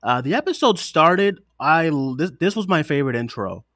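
A man in his twenties co-hosting a podcast, chatting in an animated way with laughs and quick asides. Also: fairly high pitch, dry recording, studio quality. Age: 20s. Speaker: podcast co-host. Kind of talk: casual chat.

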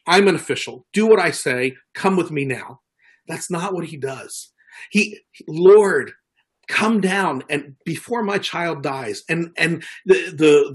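A man's voice: on the high side, fairly bright tone, breathy edge. A middle-aged man preaching a sermon in an earnest way, often repeating words and restarting. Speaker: pastor.

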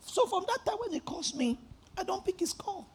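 A male pastor preaching a sermon, telling stories animatedly and rising to emphatic shouts. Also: very high voice, normal speed. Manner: animated storytelling, acting out phone conversations.

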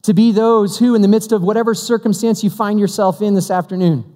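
High-voiced pastor in a hall. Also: male voice, fairly even intonation, brisk, warm tone. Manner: conversational, humorous, acts out quoted dialogue. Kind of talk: sermon with storytelling. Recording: long hall reverb.

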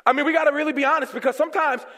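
A young man preaching a guest sermon, calling out questions for the congregation to answer and swinging between loud, fervent bursts and hushed, soft passages. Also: very high voice, fairly even intonation, rapid-fire. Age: young adult. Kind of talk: call-and-response sermon. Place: church sanctuary. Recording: long hall reverb in a church.

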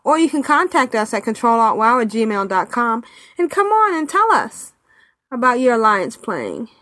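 A woman's voice: fairly high pitch, sing-song, moderate pace, bright, forceful tone. A woman co-hosting a casual gaming podcast, chatting, laughing often and reading out listener emails. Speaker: podcast co-host. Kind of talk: casual chat.

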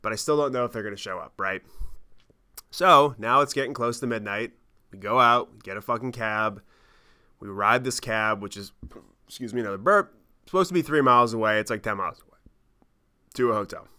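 Podcast guy telling a travel horror story, swears a lot, jokes about himself, bright punchy voice. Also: medium pitch, fairly quick, pauses often, clean tone. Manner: animated, profane, self-mocking storytelling. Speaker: podcast host. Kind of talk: casual storytelling monologue.

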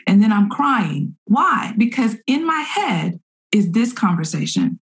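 A middle-aged woman speaking as a guest in a candid conversation, earnest and expressive, sometimes acting out her own inner thoughts. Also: mid-range voice, unhurried.

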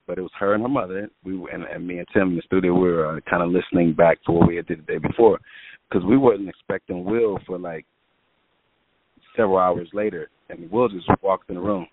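A man's voice: low-pitched, fairly quick, no room sound. A man, a music producer, telling a story in casual talk, acting out what people said, with lots of fillers. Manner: animated storyteller, acts out quotes, lots of fillers. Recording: tinny phone-like line.

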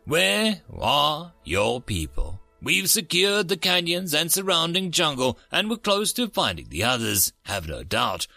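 Man voicing prim alien interrogator, formal and clipped, kinda gravelly, bright tone. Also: fairly high pitch, big pitch swings, measured pace, few pauses, no echo, faint music behind, full character voice. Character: stiff alien male interrogator, formal and patient.

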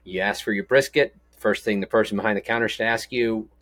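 A middle-aged man from Texas with a very low, deep voice, chatting loosely on a podcast. He rambles through stories with a joking, easygoing manner, and his voice sounds close and dry with no room echo. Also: fairly even intonation, fairly quick, a bit bright. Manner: rambling, storytelling, jokey. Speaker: podcast co-host. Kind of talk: casual podcast chat.

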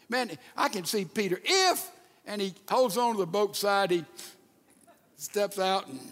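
A man preaching a sermon, acting out the quoted lines and sometimes dropping to a hushed voice. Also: sits high. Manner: animated, acts out quotes, drops to hushed tones. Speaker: pastor. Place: church sanctuary. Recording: long reverb of a large hall.

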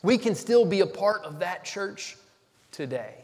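A man preaching a sermon, teaching slowly and deliberately with emphatic stresses on key words. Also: high-pitched, very animated, darkish tone. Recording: long reverb of a large hall.

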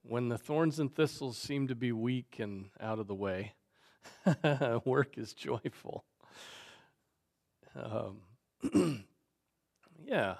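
A man explaining a Bible verse in an unhurried, deliberate way, pausing often with small fillers as he thinks. His voice sits in an ordinary middle pitch and sounds close and dry, with no room around it. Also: lively intonation, creaky, a little mellow, dry recording. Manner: slow, measured, thinking aloud with fillers. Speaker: Bible teacher. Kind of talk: teaching discussion on Scripture.

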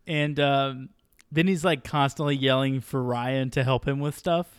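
A man in casual chat with a friend, excitedly retelling sitcom scenes and acting out the characters' lines. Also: mid-range voice, a little slow, clear, resonant tone, no room sound, studio quality. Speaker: podcast co-host.

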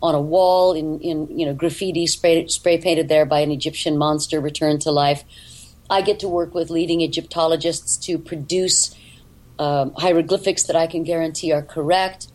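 A woman voice actor and dialect coach, talking in an interview in an articulate, deliberate way. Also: deep voice, fairly even intonation, a little mellow, low-quality recording. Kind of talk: interview talk.

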